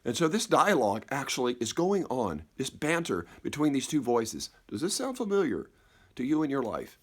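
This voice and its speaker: A man telling a personal story in a slow, reflective way, halting and repeating words and dropping softer at key moments. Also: medium pitch, big pitch swings, husky. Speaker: speaker.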